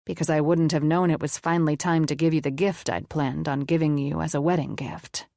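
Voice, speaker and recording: A woman reading an audiobook, voicing a calm, gentle male doctor who speaks with quiet assurance. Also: deep voice, brisk, creaky, no room sound, clean studio sound.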